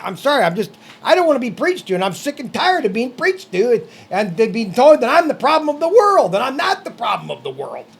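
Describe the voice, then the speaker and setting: A man's voice: sits high, creaky, breathy edge. A man co-hosting a casual podcast chat, ranting in an opinionated way and often tagging on "okay?". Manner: ranting, repeats okay and good grief. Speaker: podcast co-host. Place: room with cigars.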